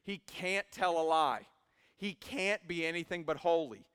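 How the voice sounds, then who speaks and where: A young man in his twenties preaching a sermon in a church, swinging from quiet asides to loud emphatic peaks. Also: a little high, a little slow, smooth. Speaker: pastor. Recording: hall reverb.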